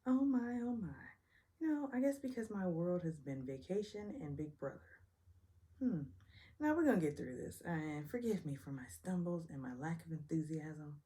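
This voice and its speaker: A woman's voice: low voice, animated, moderate pace, warm tone. A woman hosting a casual reality TV recap, chatty and sassy, often joking about her own stumbles. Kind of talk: casual episode review.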